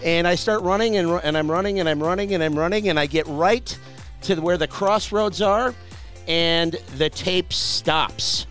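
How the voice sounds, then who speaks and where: High-voiced male radio host telling stories. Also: moderate pace, soft background music. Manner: animated, storytelling with many restarts. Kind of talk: telling a personal story.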